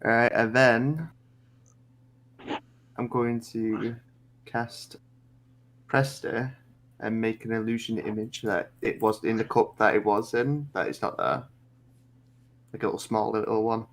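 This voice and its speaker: A man's voice: fairly low pitch, fairly even intonation, measured pace, pauses often, a bit bright. A man playing in a casual tabletop game, laying out his character's moves step by step. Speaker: player.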